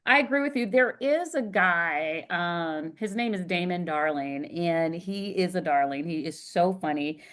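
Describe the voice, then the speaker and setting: A middle-aged woman co-hosting a podcast, telling stories in a lively way with frequent filler words. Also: fairly low pitch, a little slow, hardly any pauses. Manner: animated storyteller, frequent "um" fillers. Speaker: podcast co-host and performer. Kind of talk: casual chat.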